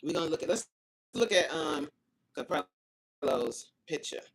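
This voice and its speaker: A woman talks to her viewers over a phone livestream from home, her voice lower than most and swinging widely in pitch. She reads comments aloud and grumbles about the stream cutting out, in a loose, chatty way. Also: animated, a little slow, vocal fry, slightly rough. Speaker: livestream host reading chat. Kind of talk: casual livestream chat.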